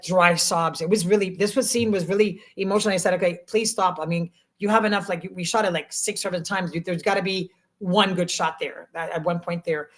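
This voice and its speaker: A middle-aged woman actress telling stories in a casual interview, emotional and animated, with many restarts. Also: fairly low pitch. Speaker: actress guest.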